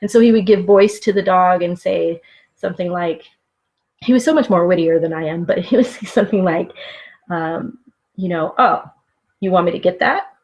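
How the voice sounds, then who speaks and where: A woman's voice: lowish voice, normal speed, dark tone. A woman who homeschools her children, giving a conversational teaching talk full of anecdotes and small chuckles. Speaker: homeschooling parent and speaker.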